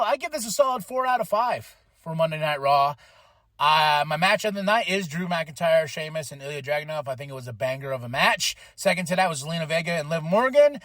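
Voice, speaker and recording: A man hosting a podcast, giving a casual, animated recap of a wrestling show, often laughing and slipping into quoted voices. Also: sits high, brisk, no room sound, clean studio sound. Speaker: podcast host.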